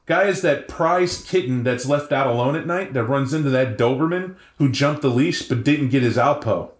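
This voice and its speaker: A man talking casually and at length about tabletop role-playing lore, rambling and animated. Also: medium pitch, normal speed. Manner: animated, rambling, acts out voices. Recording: echoey room.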